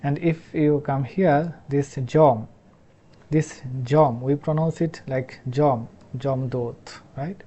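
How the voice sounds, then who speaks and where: A man from Bangladesh with a Bangladeshi accent, a Bangla speaker teaching English pronunciation in a halting way, repeating each sound many times. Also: a little high, warm tone, dull audio. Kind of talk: explanatory lesson.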